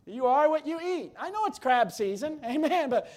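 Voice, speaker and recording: A man with a strikingly high voice delivers a sermon from the pulpit. He preaches fervently, calling out loudly one moment and dropping to an easy, chatty aside the next. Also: very animated, moderate pace, hardly any pauses. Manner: fervent, swings from loud exclamations to quiet chatty asides.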